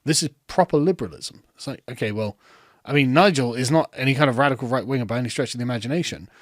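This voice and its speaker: A man's voice: medium pitch, very fast, no room sound, clean studio sound. A man hosting reaction commentary, ranting with sarcastic, profane mockery. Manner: sarcastic, profane, mocking, breaks into laughter. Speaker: commentary host.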